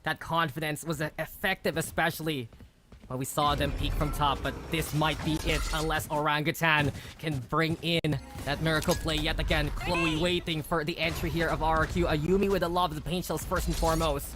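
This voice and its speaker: A woman's voice: deep voice, a little fast. A woman calling esports play-by-play, her voice surging on big plays. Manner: excitable, rises sharply on big plays. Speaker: esports caster. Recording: music playing behind.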